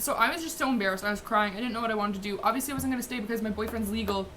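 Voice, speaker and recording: A woman's voice: a little high, rapid-fire, few pauses, fairly bright tone, slight background noise. A young woman, telling a story casually with lots of "like" fillers, swearing and laughing. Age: young adult. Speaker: vlogger.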